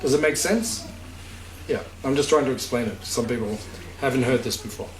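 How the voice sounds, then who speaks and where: A man's voice: mid-range voice, brisk. A man as spiritual teacher giving an informal talk to a gathering, conversational, checking understanding with questions and laughing easily. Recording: echoey room, distant mic, faint hiss.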